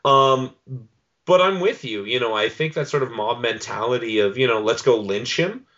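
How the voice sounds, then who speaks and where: A man's voice: mid-range voice, moderate pace, sharp tone, lo-fi sound. A man co-hosting a podcast in casual chat, ranting with lots of swearing and "um"s. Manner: ranting, profane, many fillers. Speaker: podcast co-host.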